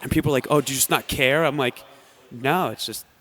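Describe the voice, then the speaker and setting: Young american guy on a podcast, lively storyteller, does little voices for people. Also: medium pitch, a little fast. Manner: animated storyteller acting out quotes. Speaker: guest athlete. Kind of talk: casual podcast chat.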